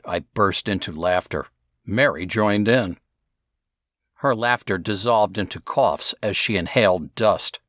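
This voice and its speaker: A man narrating a novel in first person, in a measured storytelling manner on a close studio mic. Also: fairly low pitch, fairly bright tone, dry recording. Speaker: audiobook narrator.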